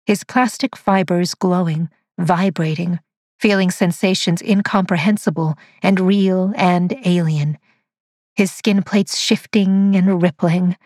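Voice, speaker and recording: A woman narrating a dark science-fiction story in a slow, low, deliberate voice. The recording is dry and close, with no room sound, and every phrase is carefully paced. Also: dry recording. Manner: measured and deliberate.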